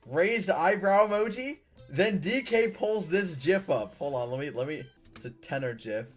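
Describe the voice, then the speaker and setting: Man, casual story reading, laughs often, incredulous outbursts, lively swooping voice, faint music underneath. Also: sits high, moderate pace. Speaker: YouTuber reading viewer stories. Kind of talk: casual reading aloud with commentary.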